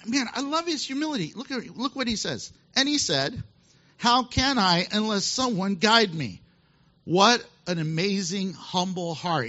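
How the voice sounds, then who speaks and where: A male pastor preaching a sermon, telling a Bible story with animated asides and laughter. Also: high voice. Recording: dull lo-fi sound.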